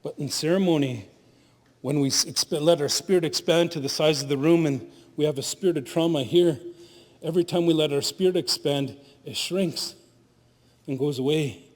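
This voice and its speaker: A man's voice: on the high side, moderate pace. Storytelling man in a reverberant hall. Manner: animated, laughing at his own stories, acts out shouts. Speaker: spiritual leader giving a conference talk. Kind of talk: storytelling talk. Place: conference hall.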